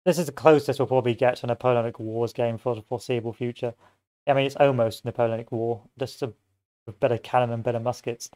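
A man's voice: medium pitch, steady tone, fast talker, a little mellow. Man rambling through gameplay commentary. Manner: rambling history tangents with joking asides. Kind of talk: casual let's-play commentary.

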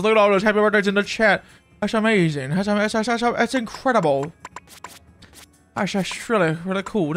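Hyped game streamer rambling on, voice bouncing all over, keeps tripping over words, faint game music under it. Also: mid-range voice. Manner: excitable, rambling, stammers and repeats words. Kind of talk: casual live-stream chat while gaming.

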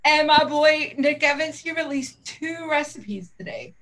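With a high-pitched, animated, slightly bright voice and a somewhat slow pace, this middle-aged woman co-hosts a vaping livestream. She chats casually, rambles, laughs frequently, and is easily distracted.

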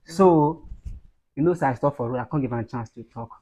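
A Nigerian man telling, in a relaxed and teasing way, the story of how he met his wife, chatting at home. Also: medium pitch, fairly quick. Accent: Nigerian Pidgin. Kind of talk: casual storytelling.

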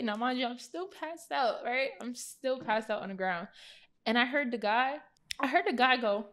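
A young woman guest on a podcast, casually telling a lively, slangy story and laughing as she goes. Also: on the high side, normal speed. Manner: animated, slangy, laughs through her story.

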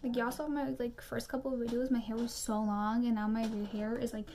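A young woman vlogging a makeup tutorial, rambling through chatty rants and quick asides. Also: on the high side, little pitch movement, dark tone. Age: young adult. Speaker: beauty vlogger.

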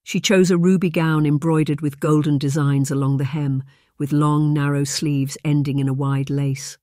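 Steady audiobook narrator, dry sound. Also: medium pitch, moderate pace, dry recording. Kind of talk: scripted narration.

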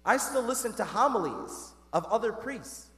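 A man's voice: sits high, lively intonation, moderate pace, a bit bright. A man giving a Catholic sermon in a conversational way, talking straight to the congregation and asking them questions. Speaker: Catholic priest. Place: church. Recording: long church reverb.

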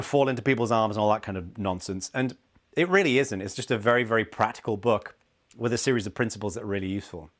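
Animated man teaching leadership to camera. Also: mid-range voice. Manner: animated, acts out quoted people. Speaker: leadership consultant. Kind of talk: talking-to-camera lesson.

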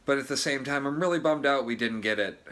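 A man hosting a vlog, chatting casually and reflecting out loud with frequent restarts. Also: mid-range voice, fast talker. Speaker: vlogger. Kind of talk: casual chat.

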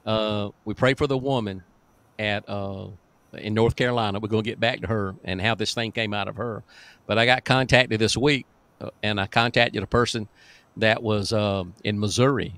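Male pastor, lower voice, folksy chuckling storyteller, emphatic deliverance preaching. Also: normal speed, a bit bright.

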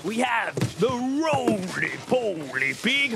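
A man presenting a children's show, animated and playful, making animal noises for young viewers. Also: sits high, takes it slowly, over music.

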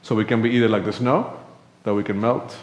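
In an echoey church sanctuary, a man with a lowish, steady voice preaches a sermon, talking a little fast. He tells a personal story conversationally and acts out the dialogue.

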